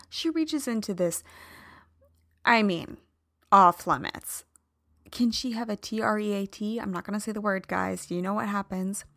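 A woman's voice: medium pitch, gravelly, fairly bright tone, no echo, studio quality. A woman hosting a podcast, telling a personal story in a candid, emphatic, confessional way. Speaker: podcast host.

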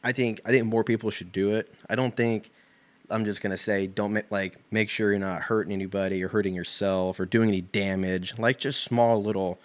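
A man's voice: lowish voice, fairly even intonation, fairly quick. A young man talking in a rambling, profane, laid-back comedic monologue full of fillers.

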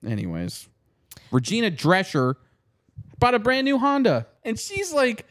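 Animated, profane male podcast host. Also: high voice, unhurried, long pauses. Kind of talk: casual podcast chat.

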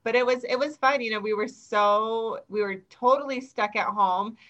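A woman's voice: a little high, normal speed, fairly bright tone, muffled recording. A woman from Utah chatting casually and upbeat as a podcast guest. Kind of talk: casual chat.

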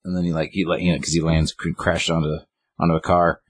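A man's voice: extremely low pitch, fast talker, husky. A man casually recapping a story in a chat, acting out bits of dialogue with a raised voice. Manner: animated retelling, acting out lines of dialogue in a raised voice. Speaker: co-host recapping a game story.

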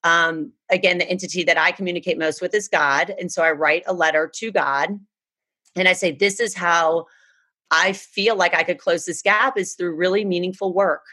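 A woman's voice: lowish voice, steady tone, moderate pace, sharp tone. A woman from the United States, earnestly telling a personal story in a casual chat. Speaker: guest.

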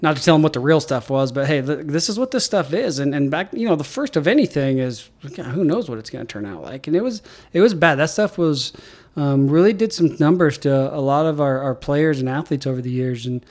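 Middle-aged man, fairly high voice, animated storyteller, acts out quotes, casual podcast chat. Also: fairly quick. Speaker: head athletic trainer, guest.

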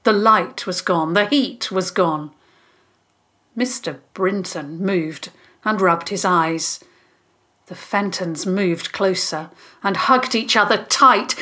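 A woman narrates a children's story in a slow, expressive voice. Her pitch sits in the middle of the range.

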